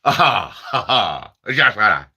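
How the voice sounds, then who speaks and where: A man doing an impression of an old-school stage magician, in a deep drawling delivery. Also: big pitch swings, takes it slowly, gravelly, bright, forceful tone, slightly rough, exaggerated voice. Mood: deadpan.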